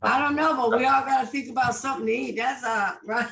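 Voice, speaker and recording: A chatty woman on a church panel who laughs easily and keeps agreeing with the others. Her voice is fairly high and sounds distant, caught from across an echoey room. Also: fairly even intonation, fast, creaky, fairly bright tone. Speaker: panel guest. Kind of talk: casual panel discussion. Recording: echoey room, mic far off.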